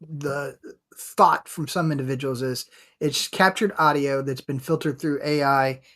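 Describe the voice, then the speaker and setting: A man's voice: a little high, steady tone, unhurried, fairly bright tone. A man co-hosting a casual podcast, joking and asking questions. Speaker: podcast co-host.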